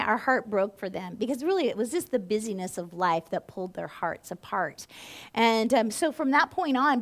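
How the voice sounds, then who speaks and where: A woman in her fifties telling personal stories as a marriage speaker, animated and jumping high on punchlines. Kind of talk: storytelling talk to an audience.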